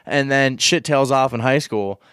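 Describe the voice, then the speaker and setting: A man's voice: mid-range voice, measured pace, a bit bright, smooth, dry recording. Young guy from minnesota, guest on a podcast, rambly and swears a lot, dry sound. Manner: rambling, profane, restarts a lot. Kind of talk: casual chat.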